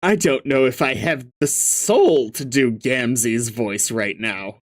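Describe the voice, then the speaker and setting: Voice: mid-range voice, slow pace, dry recording. A casual narrator reading a webcomic aloud, with laughing, swearing asides. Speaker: webcomic reader.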